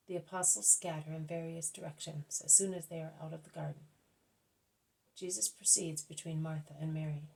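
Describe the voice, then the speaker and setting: Lower-voiced woman reading a devotional book. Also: fairly even intonation, gravelly, warm tone, rough recording. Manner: careful, measured reading with small self-corrections. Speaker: audiobook reader.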